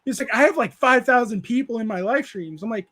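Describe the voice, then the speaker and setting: High-voiced man rambling through a chat show. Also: quick pace, heavy background noise. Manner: rambling storyteller, laughs often, many fillers. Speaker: show host reading chat. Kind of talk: casual livestream chat.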